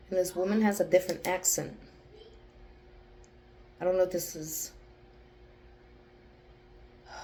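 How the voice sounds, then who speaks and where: A young woman who gives an intuitive psychic reading, thinking aloud, hesitating and pausing to focus. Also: mid-range voice, dark tone, slight background noise. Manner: hesitant, restarts, pauses to focus. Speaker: psychic channeler.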